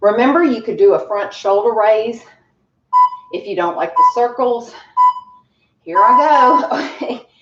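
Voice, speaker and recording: Woman fitness instructor, winded, cheerful coaching, unhurried; roomy far-off home recording. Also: on the high side, lively intonation, muffled recording, very noisy. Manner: encouraging, chatty, laughs often. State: out of breath. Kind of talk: home workout class.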